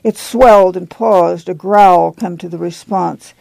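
A measured audiobook narrator with a gravelly, mellow voice. The reading is steady and unhurried, and the recording is close and dry. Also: mid-range voice, no echo, poor audio.

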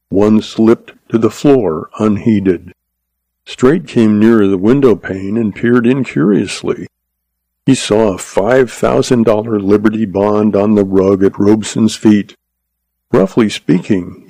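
Gravelly, dark-voiced male narrator. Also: on the low side, dry recording. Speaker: audiobook narrator. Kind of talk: scripted narration.

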